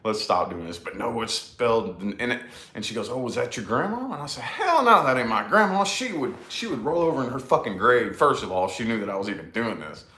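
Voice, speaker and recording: A man's voice: fairly low pitch, sing-song, a little fast, fairly bright tone, reverberant. A man casually telling a personal story in a rambling, emphatic way, with lots of swearing and repeated phrases. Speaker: podcast co-host.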